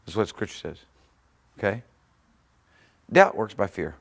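A man with a low, gravelly voice preaches to a church congregation. He drives his points home with sudden loud surges and easy chuckles. His words carry the conviction of a seasoned pastor at the pulpit. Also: very animated, a little slow. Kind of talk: sermon. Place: church sanctuary.

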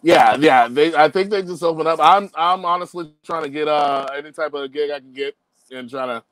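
A stand-up comedian in his thirties, from Liberia, who is animated and laughs through his punchlines. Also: fairly high pitch, brisk, dry recording. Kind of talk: stand-up set and interview. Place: studio in Los Angeles.

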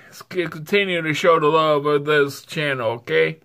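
A man's voice: on the high side, steady tone, normal speed, vocal fry, bright, forceful tone. A man vlogging casually while suffering from spicy heat, sighing and whooping between words. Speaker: food vlogger. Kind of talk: casual vlog.

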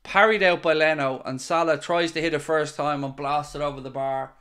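A man's voice: on the high side, fairly even intonation, a little fast, clean tone. A man hosting a live football watchalong, narrating the play and reacting with frequent swearing. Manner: swings from gloomy muttering to euphoric shouting, swears freely. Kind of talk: live match commentary and reaction.

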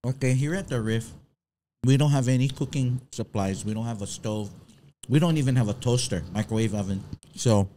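A man co-hosting a casual chat, laid-back and joking, often pausing with fillers. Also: mid-range voice, mellow, slight background noise. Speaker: co-host.

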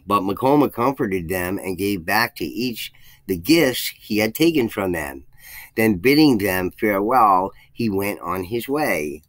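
With a lowish, expressive, fairly bright voice, a channel host reads a folk tale a little slowly, in old-style wording. He raises his voice for quoted lines, sometimes slips and restarts, and follows the story with commentary. There's no room sound, though the recording quality is low.

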